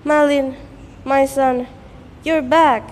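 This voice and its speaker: A woman's voice: high-pitched, slow, darkish tone. A young woman voicing a frail, grieving old mother who pleads with her son, in a storytelling performance. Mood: overjoyed. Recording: echoey hall, faint noise.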